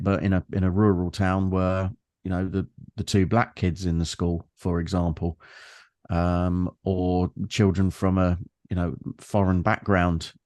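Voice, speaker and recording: Deep-voiced man with a London accent. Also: darkish tone, no room sound, clean studio sound. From London, England. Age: 50s. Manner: reflective, meandering storyteller with frequent fillers. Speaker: guest. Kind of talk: casual conversation.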